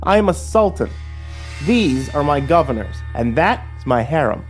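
A cruel middle-aged sheriff from a spoken horror tale, mocking and contemptuous, his drawl sitting noticeably higher than a plain speaking voice, as a man acts him out. Soft music plays far behind him. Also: sing-song, normal speed. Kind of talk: horror story narration.

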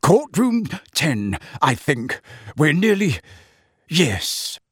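Brief: man playing a frazzled, rushing wizard father, lively urgent delivery, dry close mic. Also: a little high, breathy edge, no echo, heavily acted. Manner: urgent, breathless hurry. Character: anxious, hurried middle-aged male wizard official.

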